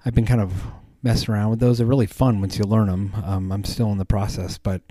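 A man's voice: on the low side, level tone, brisk, dark tone, no echo. A man hosting a podcast, chatting casually in a rambling way with many ums and restarts. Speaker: podcast host. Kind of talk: casual chat.

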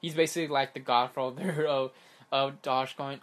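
A young man vlogging casually about crypto, animated and exasperated, rambling with many restarts. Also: mid-range voice, moderate pace. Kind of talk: casual ranting monologue.

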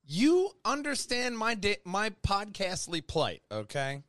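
Animated, jokey male podcast host. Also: high-pitched, slow pace, no room sound, studio quality. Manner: playful, joking. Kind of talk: casual chat with ad reads.

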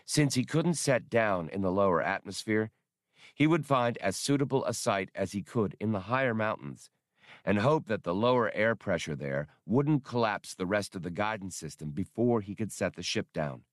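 A man reads an audiobook in a low voice. His pitch rises and falls a great deal as he tells the story. The recording is dry and close. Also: animated, moderate pace, no room sound. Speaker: audiobook narrator. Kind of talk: audiobook reading.

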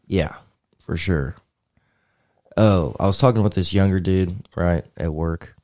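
A man with a very low voice talks loosely and swears freely, tossing off crude jokes as he rambles through a casual chat. His delivery is offhand and teasing. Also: measured pace, mellow. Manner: profane, joking, rambling.

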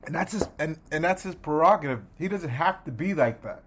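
A man co-hosting a basketball podcast, talking emphatically in a casual, animated way and pausing mid-thought. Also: fairly high pitch.

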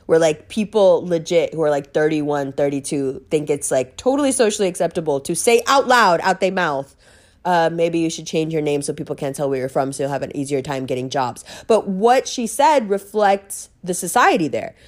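A woman telling a story in a casual monologue, blunt and animated, swearing freely and laughing often. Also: low voice, moderate pace.

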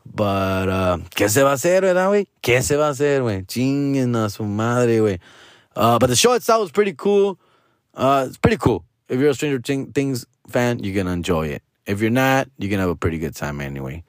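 Profane, slangy middle-aged podcast host. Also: male voice, big pitch swings, normal speed, no room sound, studio quality. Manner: profane, slangy, mixes in Spanish phrases; jumps to loud high mock voices for quoted people. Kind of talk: casual storytelling monologue.

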